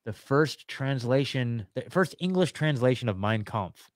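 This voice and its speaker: A man's voice: medium pitch, expressive, measured pace, no room sound. A man appearing as a guest on a casual podcast, rambling and conspiratorial, with many fillers and restarts.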